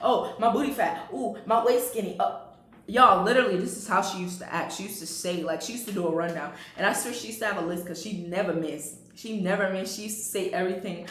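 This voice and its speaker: A woman's voice: medium pitch, fast, fairly bright tone. A young adult woman telling a storytime vlog, chatty and laughing, talking straight to her viewers. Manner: chatty, addresses viewers as y'all, laughs often. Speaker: vlogger. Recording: roomy echo.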